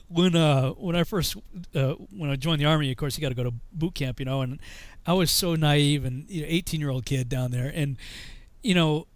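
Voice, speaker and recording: A man's voice: a little high, moderate pace, dry recording. A man telling a funny army story casually, laughing often and saying you know a lot.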